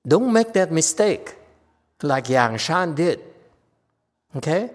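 In a hall with long reverb, a Chan master gives a dharma talk to his students, stern yet teasing and laughing at his own jokes. His voice sits a little high and swings widely in pitch, and he speaks slowly with frequent pauses.

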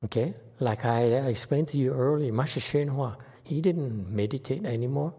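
A man's voice: medium pitch, normal speed, a little mellow, slightly rough. A man, a Buddhist monk, giving an informal dharma talk in short broken phrases and laughing often. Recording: reverberant hall.

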